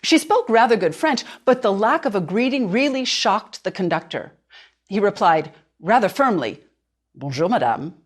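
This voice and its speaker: Woman, language teacher, clear and deliberate, lively rising and falling pitch. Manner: clear, deliberate, slows down for drilled words. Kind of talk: instructional narration.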